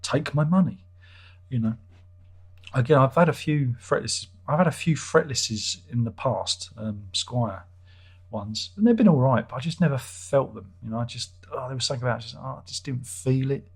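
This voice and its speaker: A man's voice: mid-range voice, lively intonation, moderate pace, gravelly, breathy edge. A man hosting a casual livestream, reading out chat comments in a rambling, self-interrupting, wry way.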